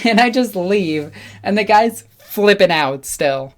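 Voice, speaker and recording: A young woman hosting her own channel, chatting casually and telling a story, acting out other people's lines with lively energy. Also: medium pitch, slow pace. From New York. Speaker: channel host.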